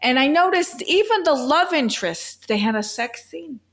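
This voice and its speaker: A woman's voice: high voice, animated, moderate pace, a bit bright. A woman hosting a casual chat, playful and teasing as she tells stories.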